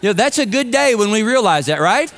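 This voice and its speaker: A man's voice: high voice, very animated, fairly quick, fairly bright tone, some chatter behind. A man preaching a sermon to his congregation in a conversational, humorous storytelling way. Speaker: pastor. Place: church sanctuary with congregation.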